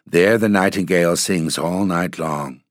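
A man's voice: animated, unhurried, no room sound, clean studio sound. A man voicing a sad, weary old ghost. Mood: sad, dreamy. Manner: sad, low, dreamy speech. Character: weary, lonely old male ghost nobleman.

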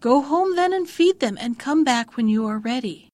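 A clever little girl teases a monster from a treetop, voiced by a woman storyteller. Her voice is high and unbothered, close and dry. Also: lively intonation, moderate pace, a little mellow, dry recording. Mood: cheeky. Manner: cheeky, unbothered.

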